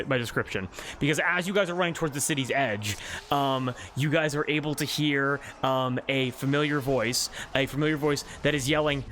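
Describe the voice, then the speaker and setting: A man's voice: fairly high pitch, pushed and bright, slight background noise. A man narrating a tabletop game as game master, rambling with many fillers.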